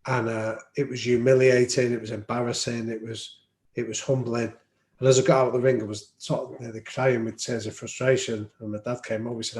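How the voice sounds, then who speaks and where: Man, mid-pitched voice, reflective storyteller, lots of ums, echoey room. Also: level tone, brisk, a little mellow, slight background noise. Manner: reflective, anecdotal, frequent ums. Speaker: podcast guest. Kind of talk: storytelling in an interview. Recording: roomy echo.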